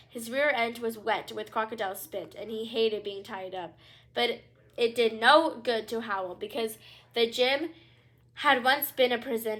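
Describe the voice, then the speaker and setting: A woman's voice: on the high side, fairly bright tone. Woman reading a children's book aloud. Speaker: storybook reader.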